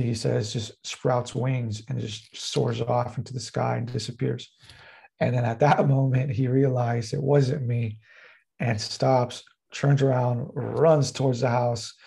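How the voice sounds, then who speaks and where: A man tells a personal story in a loose, rambling way, leaning on fillers as he goes. His voice is gravelly and husky. The tone is dark and mellow. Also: medium pitch. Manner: rambling, heavy use of fillers like "like" and "uh". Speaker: podcast guest. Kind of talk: casual storytelling.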